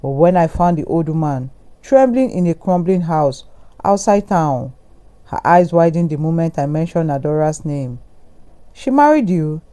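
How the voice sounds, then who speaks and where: A man tells a first-person horror story in a steady, brooding narration. His voice is mellow and dark, with no brightness to it. The delivery is even and measured. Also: fairly high pitch.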